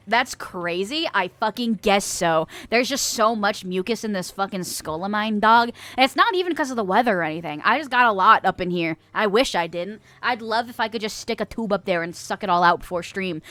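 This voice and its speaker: A woman's voice: fairly high pitch, fairly bright tone, no echo. An American woman in her twenties or thirties, chatting casually with her stream chat, swearing and laughing often, with a stuffy nose. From United States.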